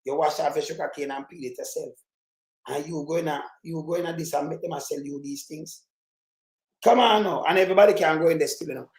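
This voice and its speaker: Jamaican male commentator, high voice, animated and rambling, roomy echo. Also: fairly quick. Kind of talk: casual commentary in patois.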